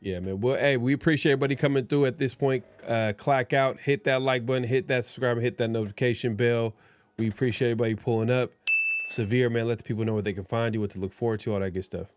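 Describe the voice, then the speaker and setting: A man's voice: medium pitch, steady tone, fast, slight background noise. A man co-hosting a casual sports talk show, laid-back and repeating himself often. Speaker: co-host.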